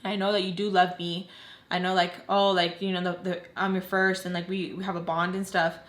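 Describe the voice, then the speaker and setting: A woman's voice: lowish voice, little pitch movement, a little fast, a bit bright. A young adult woman vlogger telling a personal story in a candid, emotional way, with lots of "like". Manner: candid, heavy use of "like". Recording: roomy echo.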